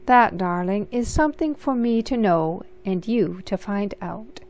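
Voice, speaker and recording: A woman's voice: fairly high pitch, sing-song, moderate pace, warm tone. A woman doing a breezy, secretive great-aunt. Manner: breezy, says darling often.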